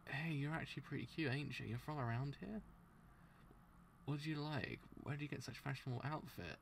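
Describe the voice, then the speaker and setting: A man's voice: medium pitch, lively intonation, brisk, vocal fry, slight background noise. A man reading aloud as a sleazy man pushing drugs, in a plain voice. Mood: coaxing.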